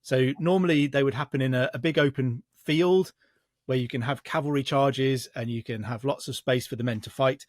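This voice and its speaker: A man, a historian guest, calmly telling history in a podcast chat with frequent restarts. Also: mid-range voice, no echo, clean studio sound. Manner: measured storytelling with frequent restarts. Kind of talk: casual podcast explanation of history.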